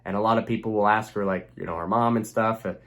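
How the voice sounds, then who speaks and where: A man's voice: lowish voice, fairly even intonation, quick pace, a bit bright. A young man speaking earnestly as a relationship coach, giving a motivational self-help talk to the camera and repeating phrases for emphasis.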